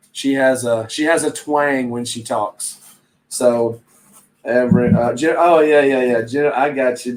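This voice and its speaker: In a roughly recorded casual live-stream chat, a man with a mid-range voice hosts a reselling channel. He rambles easily as he reads viewer comments aloud.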